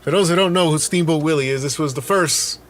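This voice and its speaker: A man's voice: a little high, brisk, a bit bright. A man hosting a casual podcast, easygoing and explaining news items to his co-host.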